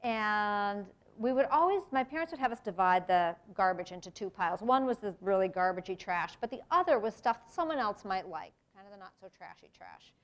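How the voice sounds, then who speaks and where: A woman's voice: mid-range voice, animated, a little fast, few pauses, a bit bright. A middle-aged American woman giving a reflective public talk, with earnest delivery and sudden emphatic rises. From United States. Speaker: speaker giving a presentation on race. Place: lecture room.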